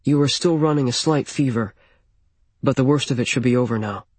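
A man voicing a gentle, kind male hospital doctor who speaks in a soft, measured way. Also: medium pitch, husky, no room sound, lightly acted. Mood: calm reassuring.

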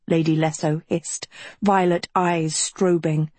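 A woman narrates a storybook slowly and evenly, her voice soft and breathy. The sound is close and dry, with no room echo. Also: on the low side. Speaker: audiobook narrator. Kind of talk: scripted narration.

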